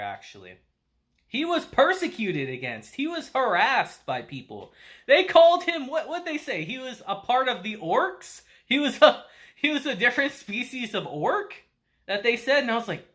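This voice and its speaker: A man's voice: sits high, very animated, normal speed, a bit bright. A man giving a casual anime review in a laid-back, slangy way. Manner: laid-back slangy delivery, laughs often.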